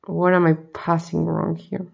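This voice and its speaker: A woman's voice: fairly low pitch, little pitch movement, normal speed, vocal fry, a little mellow. A tired woman vlogger talking to herself as she builds a model kit, muttering the same questions over and over. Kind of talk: casual talk while building.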